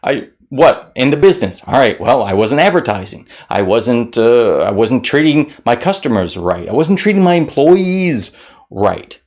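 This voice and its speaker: Lively, animated male motivational speaker. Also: medium pitch, normal speed. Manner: animated, mocks excuses in whiny put-on voices. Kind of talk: motivational talk to camera.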